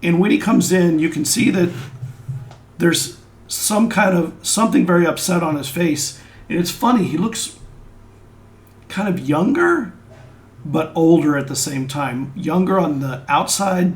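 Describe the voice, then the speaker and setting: A man narrating a tabletop game as game master, describing scenes slowly through a headset mic. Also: fairly high pitch, roomy sound.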